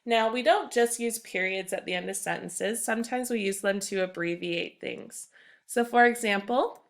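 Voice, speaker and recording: A woman's voice: medium pitch, moderate pace. A young woman teacher giving an upbeat, emphatic recorded grammar lesson to her class. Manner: upbeat, emphatic classroom delivery, reads examples aloud.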